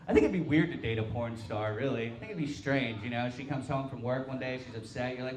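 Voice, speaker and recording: A young man from Tulsa performing a stand-up set with deadpan, self-mocking crude punchlines. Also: medium pitch, a little fast. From Tulsa, Oklahoma. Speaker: stand-up comic. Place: brewery comedy stage, live crowd. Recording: roomy live-venue sound.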